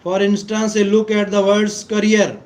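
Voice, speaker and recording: Slow, high-voiced man teaching English. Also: level tone, poor audio. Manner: deliberate, repeats words for emphasis, clears throat often. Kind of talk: slow explanatory lecture.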